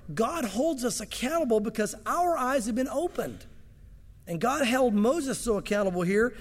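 Brief: conversational male pastor, high voice, echoing church hall. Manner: conversational preaching with asides. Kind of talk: sermon.

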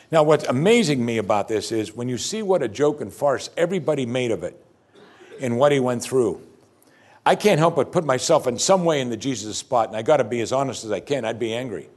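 Preaching as pastor in a mellow-leaning mid-range voice, this man is earnest and emphatic. Between scripture readings he breaks off into conversational asides, and he keeps repeating key phrases.

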